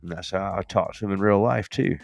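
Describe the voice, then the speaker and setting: A male podcast host who chats casually and jokes with his viewers. His voice is low and gravelly. It is recorded dry, with faint music underneath. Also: fairly quick, dry recording. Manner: playful, joking, talks to viewers as "folks". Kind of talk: casual demo chat.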